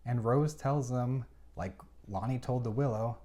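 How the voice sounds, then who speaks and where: A man's voice: mid-range voice, a little slow, dark tone. Exasperated man recapping a novel. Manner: exasperated, chatty commentary. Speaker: book reviewer. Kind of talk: casual plot recap with reactions.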